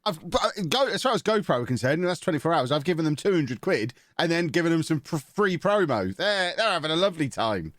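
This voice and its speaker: A man's voice: on the high side, very animated, fast, few pauses, fairly bright tone, no room sound. Dry-humoured man hosting a podcast. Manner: dry joking, teasing co-hosts. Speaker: podcast host. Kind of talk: casual podcast chat.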